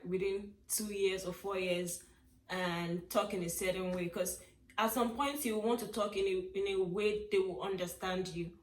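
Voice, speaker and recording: A woman's voice: medium pitch, fairly even intonation, moderate pace, recorded from a distance, a little hiss or hum. A young Nigerian woman co-hosts a casual chat, often jumping in to finish her partner's thoughts. Her voice is set back from the mic in an echoey room. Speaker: vlogger. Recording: roomy sound from off the mic.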